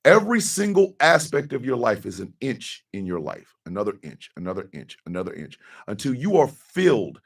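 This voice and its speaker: A man's voice: medium pitch, very animated, normal speed, vocal fry, hardly any pauses, far from the mic. A middle-aged man hosting a radio talk show, giving a blunt, profane personal monologue and repeating his key lines for emphasis.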